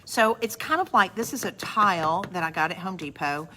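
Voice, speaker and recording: Bright-voiced woman teaching crafts. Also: on the low side, animated, moderate pace, slight background noise. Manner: chatty, warm asides to viewers. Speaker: craft studio host. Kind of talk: live craft demonstration. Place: craft studio.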